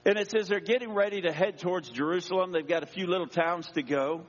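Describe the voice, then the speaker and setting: Pastor preaching with dramatic voices, slightly breathy, echoing church hall. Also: male voice, sits high, fast talker. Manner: dramatic, acting out voices from scripture. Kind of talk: sermon. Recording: dull echoey church sound.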